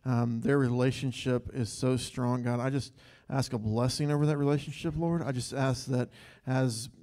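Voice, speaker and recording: A man's voice: medium pitch, fairly even intonation, normal speed, a little mellow. A man leading an earnest spontaneous prayer in church, saying God between phrases, with hesitant ums. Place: church sanctuary.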